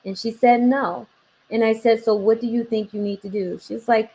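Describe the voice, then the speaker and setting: A woman's voice: a little high, moderate pace, a little hiss or hum. A woman in her forties in casual conversation, telling a family story and acting out the voices she quotes.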